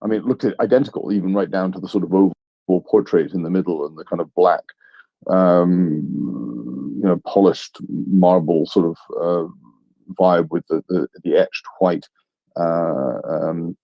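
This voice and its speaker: A man with a very low voice talks through current events on a live online audio panel, halting and rambling with self-deprecating asides. The sound is dry and close but muffled, like a streamed call. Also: vocal fry, dry recording. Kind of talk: casual analytical discussion.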